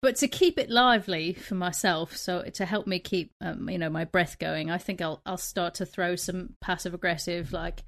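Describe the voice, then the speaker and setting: A woman's voice: on the low side, steady tone, moderate pace, hardly any pauses, fairly bright tone. A young woman playing a tabletop game, narrating her moves in a rambling, self-deprecating way with apologetic asides. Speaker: player. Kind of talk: tabletop role-play, casual chat.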